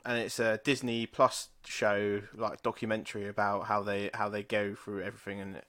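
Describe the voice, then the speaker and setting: A man in his thirties from England with a lowish voice, co-hosting a casual podcast. He drifts from one anecdote to the next, swearing freely and laughing along. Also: little pitch movement, moderate pace, a bit bright. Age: 30s. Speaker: podcast co-host. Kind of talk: casual chat.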